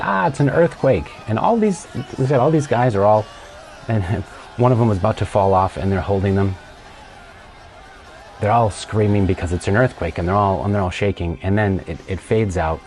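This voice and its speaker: Low-voiced man hosting a casual show. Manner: rambling, animated retelling with restarts. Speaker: podcast host. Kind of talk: casual solo talk show.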